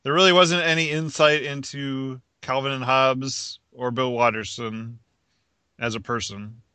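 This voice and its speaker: A man with a bright, forceful voice talks in a loose, rambling way, restarting his sentences and chuckling at his own jokes. The sound is dry and close, with no room around it. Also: mid-range voice, fairly even intonation, measured pace, clean tone, dry recording. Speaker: podcast co-host. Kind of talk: casual chat.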